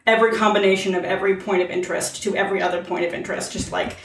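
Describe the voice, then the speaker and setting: A woman's voice: mid-range voice, racing, slight background noise. Woman co-host heard from a distance. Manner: relaxed, anecdotal. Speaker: podcast co-host. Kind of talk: casual chat. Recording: distant mic, echoey room, faint ambience.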